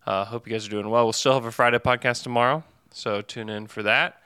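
A man's voice: mid-range voice, fairly even intonation, a little fast, pushed and bright, clear, resonant tone, no room sound, studio quality. A man hosting a sports podcast, chatting casually with fillers and self-corrections. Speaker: podcast host.

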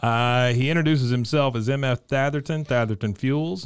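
A man's voice: medium pitch, normal speed, clean tone, no room sound. A man co-hosting a podcast, chatting casually and laughing as he recaps a TV episode and reads out its lines. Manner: laughs often, acts out quoted lines. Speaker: podcast co-host.

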